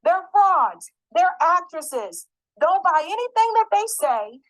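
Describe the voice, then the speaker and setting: High-pitched, angry woman commentator. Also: sing-song, slow. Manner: angry, emphatic, swears and repeats points. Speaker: political commentator. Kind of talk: political commentary monologue.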